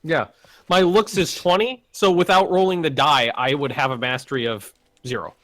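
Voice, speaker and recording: A man's voice: fairly high pitch, fairly even intonation, normal speed, fairly bright tone, no echo. A Canadian man from Canada playing in a tabletop role-playing game, chatting eagerly about his rolls. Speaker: player. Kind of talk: casual tabletop game talk.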